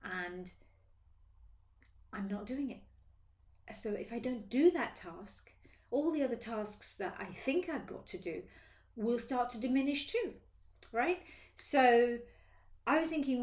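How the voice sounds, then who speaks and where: A woman's voice: a little high, a little slow, long pauses. Woman coaching in an echoey office. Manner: lively, acts out inner voices. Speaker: sales coach. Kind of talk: casual motivational talk to camera. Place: her office.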